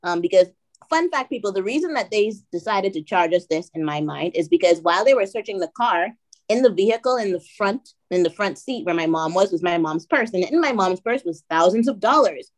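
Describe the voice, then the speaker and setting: A young woman from the Bahamas telling a story in an animated way and acting out the other people's lines. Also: mid-range voice, brisk. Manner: animated, acts out dialogue with voices. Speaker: guest. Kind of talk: storytelling on a podcast.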